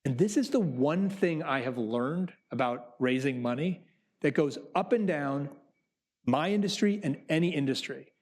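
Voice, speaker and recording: A man's voice: fairly high pitch, moderate pace. A man, a theater producer, giving a conversational talk to business students and acting out quotes as he tells anecdotes. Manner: animated storyteller who acts out quotes. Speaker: Broadway producer.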